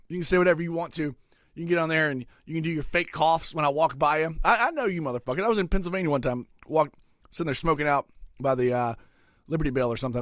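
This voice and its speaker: A middle-aged man hosting a podcast alone, ranting crudely and profanely with sudden loud outbursts while eating. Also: fairly high pitch, no echo, clean studio sound. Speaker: podcast host. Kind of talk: solo comedic rant.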